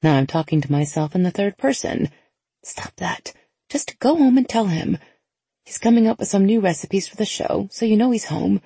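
Woman narrator with a gravelly, husky voice, chatty first-person read. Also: medium pitch, a little fast, dry recording. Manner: lively, conversational inner monologue. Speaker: audiobook narrator.

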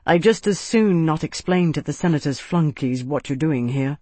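An embarrassed young man rambles in halting bursts in an audiobook reading, voiced by the narrator. His tone is a little husky. The sound is close and dry. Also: fairly high pitch, animated, warm tone, dry recording. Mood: flustered. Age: young adult.

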